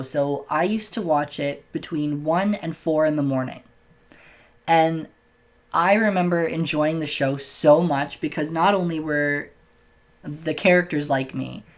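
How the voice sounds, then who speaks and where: A young man telling a personal story to the camera in a casual, candid way, self-conscious and sometimes stumbling over his words. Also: fairly high pitch. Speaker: vlogger.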